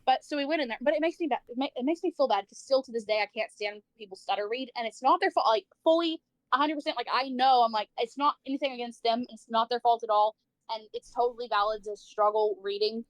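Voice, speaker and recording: A woman's voice: on the high side, fast talker, no room sound. A woman livestreamer telling a personal story in casual chat, saying "like" a lot, swearing freely and acting out the people she quotes.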